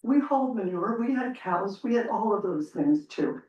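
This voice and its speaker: A woman's voice: medium pitch, expressive, moderate pace. Emotional woman near tears at a council meeting. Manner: earnest, repetitive, pleading. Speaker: resident speaking at council. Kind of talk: emotional public comment. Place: council chamber. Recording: distant, roomy and dull public meeting recording.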